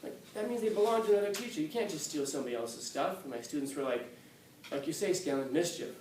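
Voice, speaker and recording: This fairly high, quick-paced male voice comes from a teacher telling lively stories in class, complete with acted-out quotes and frequent laughter. The classroom sounds echoey and distant, with slight background noise.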